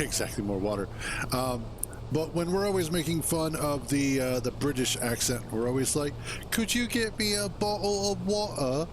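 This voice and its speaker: A man in the middle of a gameplay stream, talking slowly and easily at an ordinary pitch. He rambles from one thought to the next and chuckles to himself. Loud game sounds run under his voice. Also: noisy background. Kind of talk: casual gameplay commentary.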